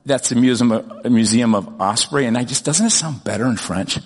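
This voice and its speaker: A middle-aged man preaching a sermon, telling a personal story in an earnest, animated way with frequent restarts. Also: mid-range voice, brisk, slightly rough, big-room sound. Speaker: pastor.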